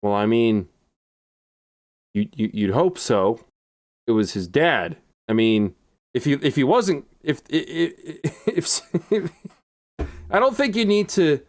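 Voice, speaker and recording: A young man commenting on a racing game, sarcastic and rambling, laughing often. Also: medium pitch. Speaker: gaming YouTuber.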